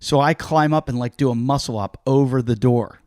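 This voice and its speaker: A man's voice: medium pitch, normal speed, a little mellow, no room sound, studio quality. A man hosting a podcast, chatting casually and telling rambling stories full of "like". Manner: rambling storyteller, heavy use of "like". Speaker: podcast host. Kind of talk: casual chat.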